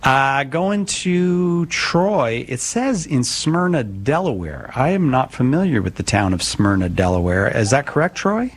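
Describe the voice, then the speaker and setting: A chatty male radio host runs a live call-in show. He jokes with callers and throws in quick asides. His voice sits in an ordinary middle pitch. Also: sing-song.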